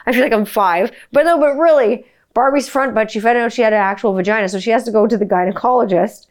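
A woman's voice: a little high, fast. Chatty, profane woman podcast host. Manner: animated, profane, rambling with many "like" fillers. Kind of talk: casual storytelling chat.

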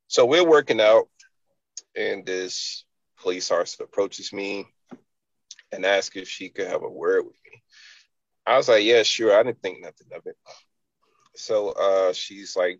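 Male fitness entrepreneur, low fried voice, rambling interview storyteller, dull lo-fi sound. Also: a little slow, long pauses, no room sound. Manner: loose, rambling, many "you know" fillers.

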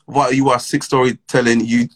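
A man's voice: mid-range voice, level tone, a little fast, rough recording. A young man, telling a story in casual, slang-filled chat and laughing between phrases. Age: young adult.

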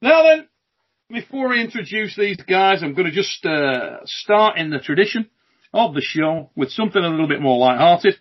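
A man's voice: on the high side, expressive, moderate pace, breathy edge, highs cut off. Brash joking man hosting a call. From Britain. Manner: brash, joking, swears freely. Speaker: host. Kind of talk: casual podcast chat.

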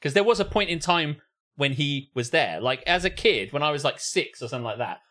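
A man's voice: fairly high pitch, expressive, a little fast, a bit bright. A man hosting a comedy podcast, talking animatedly, swearing and laughing. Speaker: podcast host. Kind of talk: casual comedy chat.

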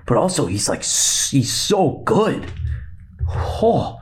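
A young man hosting a casual solo podcast, talking quickly and rambling with a slight lisp. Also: medium pitch, very animated. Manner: rambling, fast-talking, self-interrupting. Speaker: podcast host.

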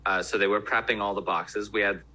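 A man's voice: lowish voice, steady tone, a little fast, bright, forceful tone, low-quality recording. A man who worked in restaurants, talking in loose casual chat with many restarts. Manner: rambling, lots of fillers and restarts.

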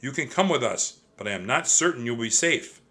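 A man voicing a kindly middle-aged monk who speaks in a measured, gentle, old-fashioned way. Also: mid-range voice, lively intonation. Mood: earnest.

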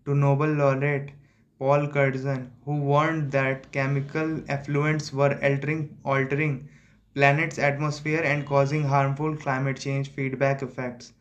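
A young man, reading a newspaper editorial aloud slowly and correcting himself often. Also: medium pitch, flat delivery, muffled recording. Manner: slow, deliberate reading with frequent self-corrections. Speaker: student practicing reading.

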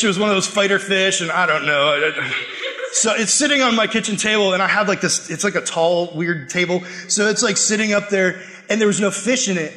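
High-voiced man preaching animatedly. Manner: animated, acts out quotes and laughs while telling stories. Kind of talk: sermon with personal storytelling.

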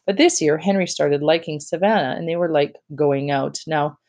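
Brief: casual storybook reader, kid-like delivery, warm and mellow. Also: medium pitch, brisk. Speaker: audiobook reader. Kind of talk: reading a children's novel aloud, first-person narration.

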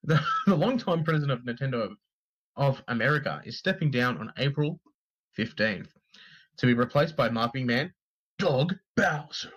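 A man's voice: mid-range voice, expressive, moderate pace, a bit bright, husky, poor audio. Man, podcast co-host, casual news reading, sweary, joking, trips over names.

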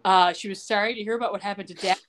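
A woman's voice: mid-range voice, steady tone, racing, a little hiss or hum. A woman co-hosting a podcast, casually recapping a TV episode in a loose, chatty way with lots of fillers and asides. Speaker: podcast co-host.

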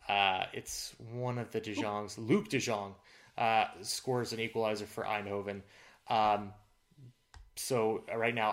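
A man co-hosting a casual sports podcast, recapping match results in a rambling way with lots of fillers. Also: fairly low pitch. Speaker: podcast co-host.

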